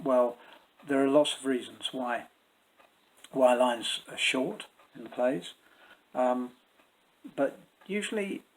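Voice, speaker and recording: Measured male verse teacher, husky. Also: mid-range voice, poor audio. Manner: measured and explanatory, with thoughtful pauses and fillers. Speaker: Shakespeare teacher. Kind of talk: spoken lesson to camera.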